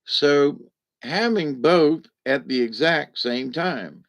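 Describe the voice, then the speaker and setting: Gravelly folksy man rambling through stories. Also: on the high side, slow pace, fairly bright tone. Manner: folksy, rambling, chuckles often. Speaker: vlogger. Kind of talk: casual storytelling monologue. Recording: dull lo-fi recording.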